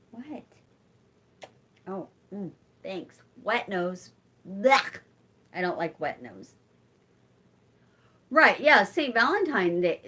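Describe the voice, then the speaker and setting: A woman in her forties, the channel's host, runs a chatty live-stream session, replying to viewers and addressing her cat in between. Her voice sits lowish and sounds fairly bright.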